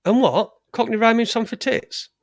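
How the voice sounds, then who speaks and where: A man's voice: very high voice, moderate pace, vocal fry, no room sound, studio quality. A middle-aged man with a Yorkshire accent, hosting a casual livestream with rambling, crude, joking chat. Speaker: livestream host. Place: home studio in front of a green screen.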